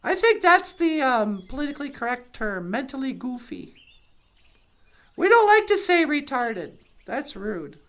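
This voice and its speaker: Sardonic woman comic, high lively voice. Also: a little slow. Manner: sardonic, acts out other people's voices. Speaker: comedian. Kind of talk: stand-up storytelling.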